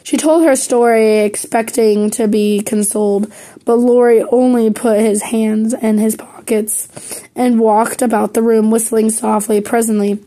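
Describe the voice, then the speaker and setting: A woman's voice: fairly high pitch, mellow. A woman reading a classic novel aloud as an amateur audiobook narrator, with small slips that she corrects as she goes. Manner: plain reading with some slips and self-corrections. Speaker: audiobook reader.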